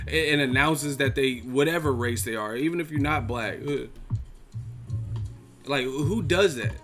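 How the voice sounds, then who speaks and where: A man's voice: on the high side, lively intonation, a little slow, a bit bright, faint music behind. A man hosting a boxing live chat stream, ranting in a heated, profane way and laughing mid-sentence.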